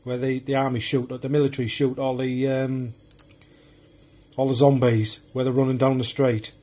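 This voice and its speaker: Husky, mellow man, rambling chat. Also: medium pitch, little pitch movement, normal speed. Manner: rambling and chatty, loose and unpolished. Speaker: film collector vlogger. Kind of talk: casual show-and-tell of home video collection.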